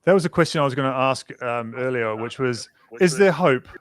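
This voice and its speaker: A man's voice: mid-range voice, animated, brisk, no echo. A male guest on a livestream, chatting casually in a self-mocking, joking way.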